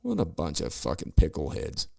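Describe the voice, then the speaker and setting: A middle-aged man on his podcast reacts to news clips with sarcastic, profane ranting about politics. His rumbling low voice is creaky and mellow, swinging hugely in pitch at a moderate pace, with no echo.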